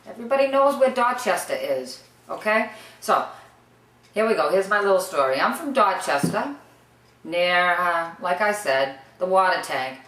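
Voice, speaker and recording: A woman's voice: fairly low pitch, sing-song, normal speed, fairly bright tone, far from the mic. A woman with a thick Boston accent, giving a chatty, rambling mock lesson to the camera, drifting off on tangents. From Boston, Massachusetts. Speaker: host. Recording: roomy echo, away from the mic.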